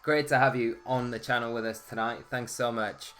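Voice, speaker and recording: A man's voice: mid-range voice, fairly even intonation, moderate pace, a bit bright, soft background music. A man hosting a casual live stream, chatting and greeting viewers by name.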